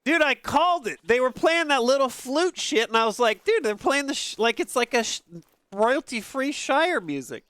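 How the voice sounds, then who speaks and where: A man casually commentating a game stream from an upstairs room at home, excitable and profane, laughing often. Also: very high voice, normal speed, clean tone, no echo.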